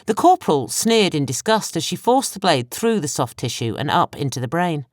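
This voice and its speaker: Woman narrating an audiobook, low and dry. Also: big pitch swings, moderate pace, dry recording. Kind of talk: scripted narration.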